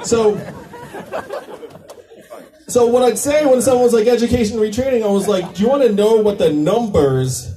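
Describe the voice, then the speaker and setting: Candidate at a rally: a man with a high voice, chatty and joking with the crowd, caught from a distant mic. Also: very animated, normal speed, pauses often, echoey room, background noise. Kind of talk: campaign rally speech. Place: political rally venue.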